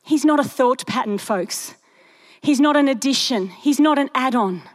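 A young woman preaching a sermon in a chatty storytelling way with animated asides. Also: high voice, moderate pace.

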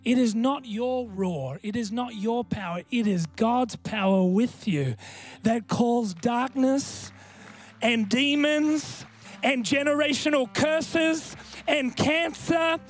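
A man preaching a sermon at a church service, impassioned and building to shouts. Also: very high-pitched, takes it slowly. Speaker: pastor. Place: church service with worship band. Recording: music playing behind.

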